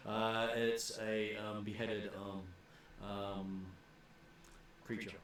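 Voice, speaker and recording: A man's voice: lowish voice, little pitch movement, extremely slow, fairly bright tone, slight background noise. A man narrating as game master of a tabletop game, hesitant and full of fillers. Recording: echoey room, far from mic.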